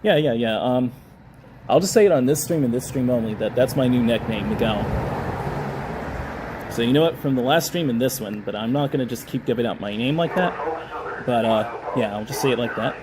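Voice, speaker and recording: A man's voice: medium pitch, expressive, brisk, noisy background. Chatty man hosting a phone livestream. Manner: chatty, reads viewer comments aloud and laughs often. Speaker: livestream host. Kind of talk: casual live-stream chat. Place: indoors, public building.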